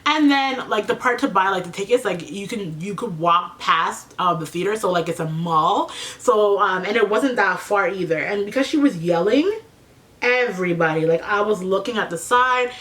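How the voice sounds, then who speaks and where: A woman vlogger with a mid-range, fairly bright voice tells her viewers a painful personal story at normal speed while getting ready. She's chatty and near tears, filling her speech with "like" and addressing everyone as "you guys."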